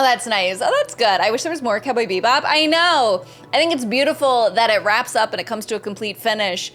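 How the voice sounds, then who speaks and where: Young female streamer, bright and upbeat, higher voice, greets viewers by name over soft background music. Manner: upbeat, greets and thanks viewers by name, reads chat aloud. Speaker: gaming streamer. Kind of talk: casual live-stream chat.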